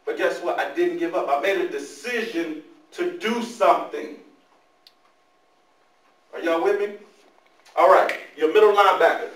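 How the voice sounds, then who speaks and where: A man giving an animated motivational talk to young people, telling stories and often turning to the audience with questions. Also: on the high side, normal speed, pauses often. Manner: animated storytelling, talks to the audience. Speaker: motivational speaker. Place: large room, speaking to a live audience. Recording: echoey room, mic far off.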